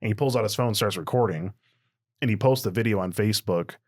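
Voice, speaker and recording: A man's voice: quick pace, dry recording, studio quality. A man telling stories as a podcast guest in casual chat, with a voice others call cartoonish. He acts out the quotes as he tells them. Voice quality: high, cartoonish voice. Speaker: podcast guest, predator catcher. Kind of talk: casual storytelling.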